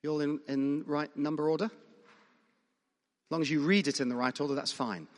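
A man's voice: a little high, fairly even intonation, normal speed. A man preaching a conversational sermon, asking the congregation questions and making emphatic points. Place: church hall. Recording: long reverb of a large church.

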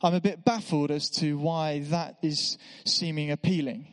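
A man's voice: on the high side, fairly even intonation, measured pace, lightly acted. A man voicing Eve, a baffled young woman who asks questions hesitantly, recorded in a church. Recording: echoey church hall.

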